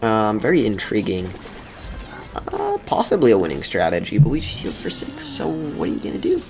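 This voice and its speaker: A young man telling a casual story over gameplay commentary, rambling and wry, with many pauses and self-corrections. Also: on the low side, huge pitch swings, darkish tone, faint music behind. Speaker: video creator.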